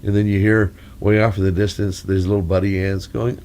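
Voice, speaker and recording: A man's voice: low voice, little pitch movement, a little fast, darkish tone. A man with a crackly, congested voice from a cold, rambling through a long mic check with corny jokes and wandering asides. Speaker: storyteller.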